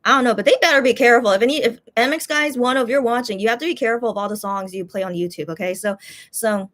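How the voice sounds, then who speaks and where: A woman's voice: on the high side, fast, fairly bright tone. A woman host chatting casually to her viewers, rambling with many fillers and restarts, frustrated and complaining. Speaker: YouTube channel host.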